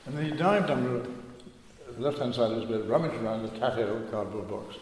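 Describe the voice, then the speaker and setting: A man's voice: medium pitch, a little fast, darkish tone, a little hiss or hum. An older man telling a wry, self-mocking story as a speaker in a church. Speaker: speaker giving a testimony talk. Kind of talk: storytelling talk. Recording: echoey church hall.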